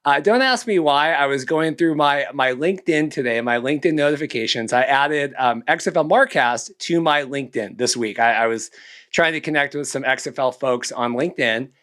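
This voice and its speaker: A man's voice: mid-range voice, moderate pace, a bit bright. A young man co-hosting a casual podcast, rambling and self-deprecating, often restarting his sentences. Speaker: podcast co-host.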